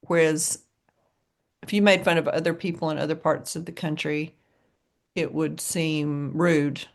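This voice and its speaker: A woman's voice: low-pitched, steady tone, measured pace. A woman from the American South with a Southern accent, co-hosting a podcast in casual chat and laughing often as she tells stories. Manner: chatty storyteller, laughs often. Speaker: podcast co-host.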